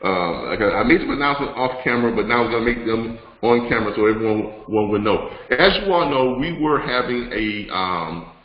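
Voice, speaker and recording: A man hosts a live online broadcast in a chatty, rambling manner, full of fillers and false starts. His voice sits at an ordinary pitch. The sound is roomy and a little dull. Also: animated, a little fast, few pauses. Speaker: host of a live business broadcast. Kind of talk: live-stream teaching and announcements.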